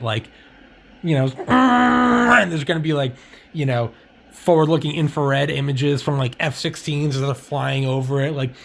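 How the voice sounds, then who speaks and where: A man's voice: on the high side, a bit bright, slight background noise. A man rambling in casual chat, swearing freely and leaning on "like" and "you know.".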